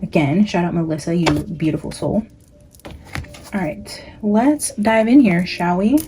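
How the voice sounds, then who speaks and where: A woman's voice: on the low side, expressive, a little slow, dark tone, slight background noise. A young adult woman with a Californian accent, a psychic tarot reader chatting casually with her viewers and praying aloud. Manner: chatty, talks straight to viewers as "guys". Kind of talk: casual chat with viewers and spoken prayer.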